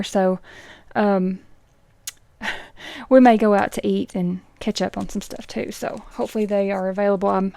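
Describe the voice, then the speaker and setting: A middle-aged woman talks in a relaxed, casual way while she counts money out loud. She adds chatty asides between the counts, and now and then drops into a soft whisper. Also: mid-range voice, creaky, no room sound. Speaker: budgeting vlogger.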